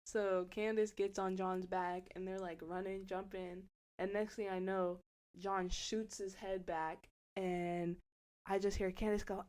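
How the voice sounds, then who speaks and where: A young woman co-hosting a podcast, telling a story casually with lots of swearing and loud acted-out quotes. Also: mid-range voice, fairly even intonation, normal speed. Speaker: podcast co-host.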